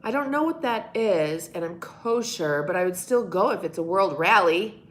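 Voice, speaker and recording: A woman's voice: fairly low pitch, lively intonation, moderate pace. A woman hosting a casual live stream, chatting with her viewers in a playful, teasing way. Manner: playful, teasing, breaks into loud monkey noises.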